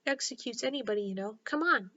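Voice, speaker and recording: A woman's voice: fairly high pitch, fast talker, pushed and bright. An amused, offhand griffin who brushes things off as make-believe , voiced by a woman reading aloud. The storybook recording sounds a bit dull and lo-fi. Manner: offhand, chuckling. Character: gruff, amused male griffin creature.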